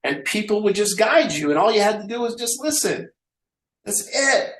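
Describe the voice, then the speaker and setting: A man hosting a recovery support group over a video call, with a voice a little higher than most men's. He talks emphatically and keeps circling back to the same phrases. The sound is echoey, as though he is in a bare room. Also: animated, moderate pace, a bit bright. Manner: emphatic, repeats phrases, quotes others. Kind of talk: live online support group talk.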